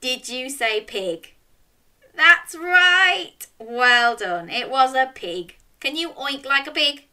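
A young woman reading a children's story aloud and running games, speaking directly to young children in an animated way. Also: on the high side, takes it slowly, hardly any pauses.

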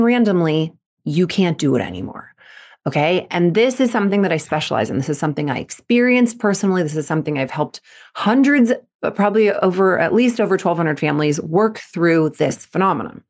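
A woman's voice: lowish voice, darkish tone. Female podcast host and coach; solo monologue, emphatic, fired up, earnest.

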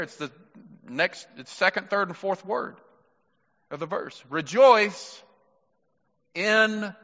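A man preaching in a church with a bright, forceful voice set a little high. He presses each point home and repeats key words to drive them in. The recording is dull and lo-fi, with a long hall reverb trailing every phrase. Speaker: pastor. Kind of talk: sermon.

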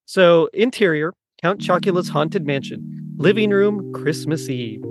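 A man's voice: fairly high pitch, expressive, unhurried, over music. A man hosting a podcast, reading a skit script aloud and giggling through it. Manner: giggly, breaking into laughter while reading. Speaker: podcast host.

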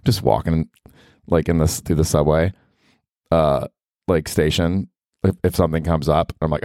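A man with a very low, deep voice talks through a solo podcast monologue, wandering off on tangents. He swears casually and pokes fun at himself. The sound is close and dry, with no room around it. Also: normal speed, darkish tone, no echo. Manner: rambling, profane, self-deprecating. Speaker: podcast host.

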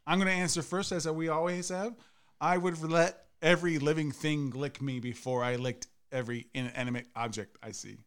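A man's voice: fairly high pitch, steady tone, normal speed, fairly bright tone, clear, resonant tone. A man hosting a casual podcast, asking the guests questions with a lot of laughing. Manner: laughing, game-show style questioning. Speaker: podcast host.

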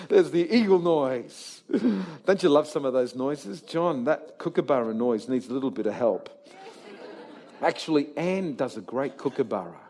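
A man preaching a sermon to a live congregation, swinging from quiet talk to shouted exhortation and firing rhetorical questions at the crowd. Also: mid-range voice, expressive, normal speed. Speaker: pastor. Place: church service before a live congregation.

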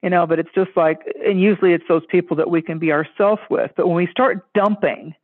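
High-voiced man on a tinny phone line. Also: fairly quick. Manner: animated, acts out quoted voices. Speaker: podcast guest. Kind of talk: casual storytelling chat.

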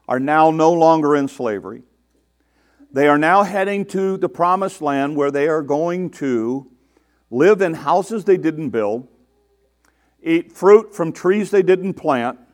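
A man preaching a sermon, reading scripture aloud and stopping often to explain it, acting out the quoted complaints with exasperation. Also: a little high. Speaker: pastor.

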